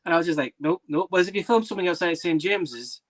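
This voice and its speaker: A man with a Geordie accent chatting on a live stream, jokey and quick to tease. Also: high voice, animated. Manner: rapid, jokey, slips into mock voices. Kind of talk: casual chat.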